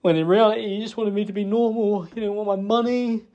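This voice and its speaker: A young man giving a halting, self-reproachful personal apology, emotional and close to tears, hesitating with many fillers. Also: sits high, steady tone, warm tone. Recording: dull lo-fi recording.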